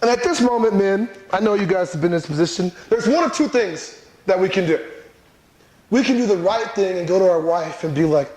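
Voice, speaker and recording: A man telling a lively personal story, repeating a running catchphrase for effect. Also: high-pitched, a little fast. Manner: animated, repeats a catchphrase for laughs. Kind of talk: storytelling talk. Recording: echoey room.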